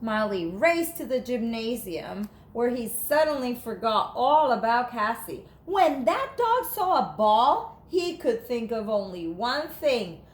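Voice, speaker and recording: Woman teacher, storybook read-aloud, animated, playful, slow, lively pitch, echoey room.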